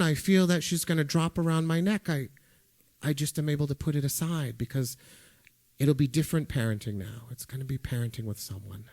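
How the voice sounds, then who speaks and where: A middle-aged man telling a first-person story live on stage into a microphone, with conversational delivery and dry comic timing. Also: mid-range voice. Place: music hall stage before a live audience.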